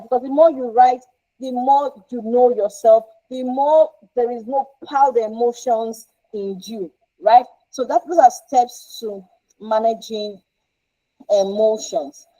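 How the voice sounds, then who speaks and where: A woman's voice: a little high, dark tone, poor audio. A woman counsellor teaching parents in an informal, emphatic way, often repeating herself and checking in with "right?".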